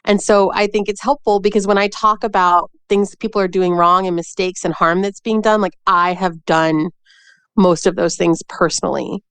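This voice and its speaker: A woman's voice: medium pitch, fairly even intonation, normal speed, smooth, no room sound. A woman in her forties speaking as a podcast guest, explaining things with assurance and dry humor. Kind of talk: casual interview talk.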